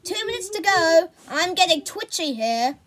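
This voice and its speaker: A woman reading aloud, voicing a cold, impatient male villain who drags out his threats slowly. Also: extremely high pitch, very animated, fairly bright tone, voice pushed up, full character voice. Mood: taunting.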